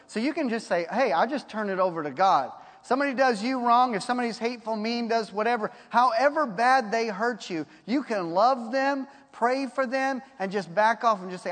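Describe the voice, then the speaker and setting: High-voiced preacher in a reverberant hall. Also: male voice, a bit bright. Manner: folksy storytelling, reads scripture slowly. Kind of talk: sermon.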